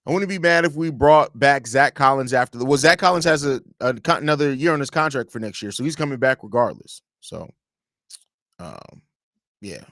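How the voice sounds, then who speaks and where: A man's voice: medium pitch, animated, normal speed, a bit bright, no room sound, studio quality. A man hosting a casual live-stream sports talk show from home, opinionated and rambling, often restarting his sentences. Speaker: host of a basketball fan podcast.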